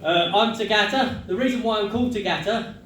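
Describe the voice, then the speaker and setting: A man doing a stand-up comedy set, telling jokes in a deadpan storytelling way and chuckling at his own punchlines. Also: high-pitched, brisk. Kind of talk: stand-up set with crowd work. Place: comedy club stage. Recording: echoey club room, mic far off.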